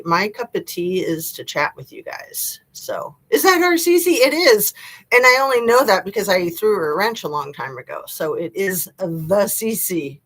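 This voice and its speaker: A woman's voice: lowish voice, rough recording. A middle-aged woman chatting casually to viewers on a live stream from her home, rambling and laughing often. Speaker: YouTube live-stream host. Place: home room.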